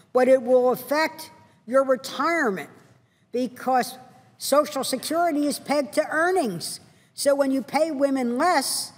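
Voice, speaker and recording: A woman's voice: on the high side, darkish tone, slightly rough. A woman senator giving an impassioned, emphatic floor speech in a large legislative chamber, hammering home short repeated phrases. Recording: long reverb of a large chamber.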